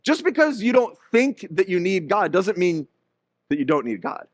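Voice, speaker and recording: High-voiced animated male pastor. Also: moderate pace, no room sound, studio quality. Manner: animated storytelling with acted-out voices. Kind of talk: sermon.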